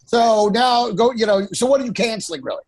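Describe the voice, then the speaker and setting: A man co-hosting a comedy podcast, chiming in with quick, profane jokes and casual banter. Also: high voice, darkish tone. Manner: quick, profane, laughing interjections.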